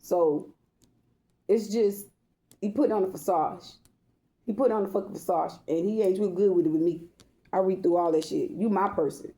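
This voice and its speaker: A woman's voice: medium pitch, moderate pace, long pauses, mellow. A woman speaking bluntly in a personal monologue, with profanity and slang.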